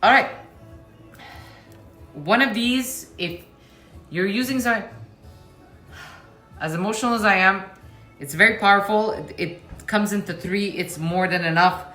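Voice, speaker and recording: Standing at her kitchen stove, this host speaks in a mid-range, sharp-toned voice at a measured pace, leaving long pauses as she chats frankly with viewers. Faint music plays, and frying, stirring and clicks are clearly audible.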